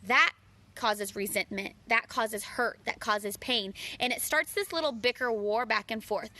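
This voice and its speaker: Woman, high-pitched, bright, earnest, casual talk to camera, friendly relationship advice. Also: moderate pace. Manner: earnest, addresses listeners as friends; acts out her own quoted lines.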